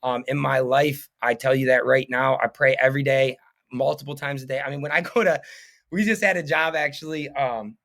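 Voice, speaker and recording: A man's voice: mid-range voice, steady tone, fairly quick, gravelly, a bit bright. A man in his thirties, a painting business owner, talking as a podcast guest in an earnest, rambling way full of fillers. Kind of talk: casual interview chat.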